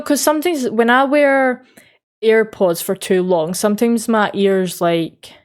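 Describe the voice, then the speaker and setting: An Australian woman streamer in casual chat, reading out and answering live chat messages in an easygoing way with frequent laughs. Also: medium pitch.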